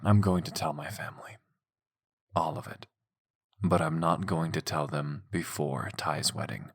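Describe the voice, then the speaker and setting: A man voicing an easygoing but stubborn young man in an audiobook, talking in a low, blunt, offhand way. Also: unhurried, husky, heavily acted. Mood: serious.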